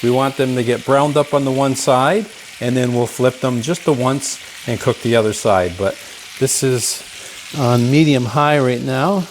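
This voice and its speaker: A man's voice: mid-range voice, fairly even intonation, measured pace. A man hosting a home cooking show, enthusiastic and chatty, calling the viewers folks as he cooks in his kitchen. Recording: clear background frying noise. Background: sizzling pan.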